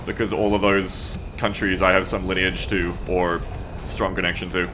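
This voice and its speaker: A man's voice: low voice, level tone, normal speed, background noise. A man in his thirties from Australia with a blended, lightly Australian Anglosphere accent, chatting casually and rambling on a gaming stream, swearing now and then and reading chat aloud. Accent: mixed Anglosphere, mildly Australian.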